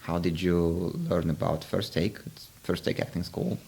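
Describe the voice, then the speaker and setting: A man's voice: low voice, little pitch movement, moderate pace, gravelly, a little mellow, husky. A man hosting a podcast interview, explaining ideas in a reflective, casual way with frequent restarts. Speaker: podcast host.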